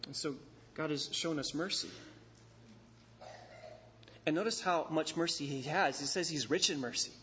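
A pastor preaching an expository sermon, emphatic, repeating key phrases and slowing on stressed words. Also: male voice, fairly high pitch, sharp tone, slight background noise. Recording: dull recording in a reverberant hall.

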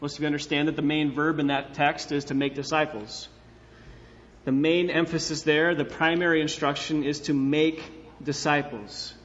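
A man's voice: fairly high pitch, flat delivery, normal speed, a bit bright, long reverb tail, muffled recording. A male pastor preaching a sermon in earnest, asking rhetorical questions and repeating key phrases.

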